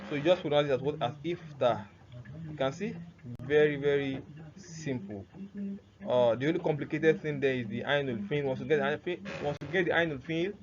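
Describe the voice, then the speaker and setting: Man teaching, quizzing with rhetorical questions. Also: on the high side. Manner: asks rhetorical questions, repeats words slowly. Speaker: Arabic grammar teacher. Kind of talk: recorded lesson. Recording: dull lo-fi recording with faint noise.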